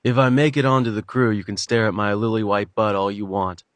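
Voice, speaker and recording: A man gives an earnest young jock a slightly low, eager and persuasive voice in an audiobook. The sound is dry and close to the mic. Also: steady tone, a little fast, no room sound, lightly acted. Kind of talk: audiobook character voice.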